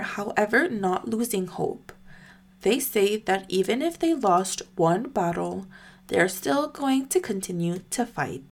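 Woman, news host, slow deliberate delivery, scripted recap, mid-range voice. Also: medium pitch. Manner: measured, careful reading.

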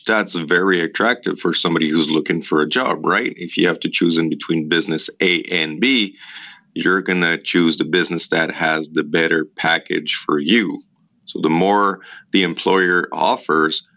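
A man's voice: low voice, steady tone, moderate pace, pushed and bright, lo-fi sound. A man with an Italian accent, an educator answering interview questions in earnest, step-by-step explanations. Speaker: educator in a vocational program.

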